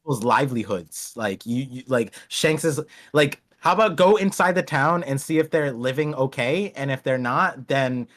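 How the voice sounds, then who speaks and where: A man's voice: medium pitch, lively intonation, normal speed, hardly any pauses, a bit bright. A man hosting a podcast in casual chat, rambling with many restarts and acting out characters. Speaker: podcast host.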